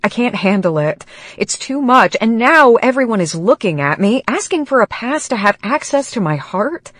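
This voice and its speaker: A woman reading a first-person romance audiobook, slow and emotional in a measured way. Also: a little high, sing-song, a bit bright, no room sound. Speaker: audiobook narrator.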